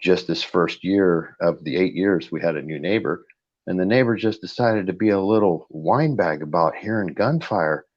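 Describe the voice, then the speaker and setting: A man's voice: low-pitched, moderate pace, no echo, muffled recording. A man telling a long story in a blunt, rambling way, repeating "I go" over and over as he retells it. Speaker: host of a live chat stream. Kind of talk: casual storytelling.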